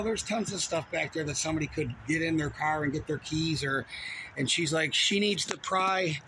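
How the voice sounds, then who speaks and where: A man with a somewhat high voice tells a long, rambling story from his shift as a cashier. He swears freely and sounds heated. The recording carries a clear layer of background noise. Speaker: store cashier. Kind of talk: casual storytelling vlog.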